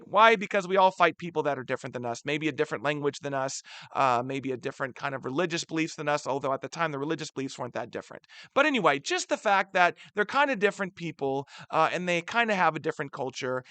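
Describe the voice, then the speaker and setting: A lively male history teacher talking through a map lesson with a high, bright, very animated voice. He keeps checking in with his listeners and punches key words. The sound is dry and close. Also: no echo. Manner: chatty, asks rhetorical questions and checks in with "right?". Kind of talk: recorded lecture over a map.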